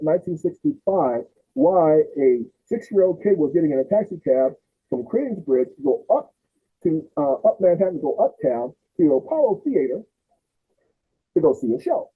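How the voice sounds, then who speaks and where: Animated older man telling stories. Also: on the high side, husky. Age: 60s. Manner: animated, acts out relatives' voices. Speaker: podcast host. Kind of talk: storytelling in casual chat. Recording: tinny phone-like audio.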